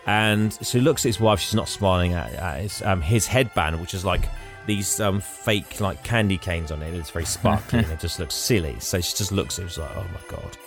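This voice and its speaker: Over music, a man with a deep voice speaks briskly, co-hosting a relaxed podcast. He recounts a film and acts out its dialogue, breaking into laughter often.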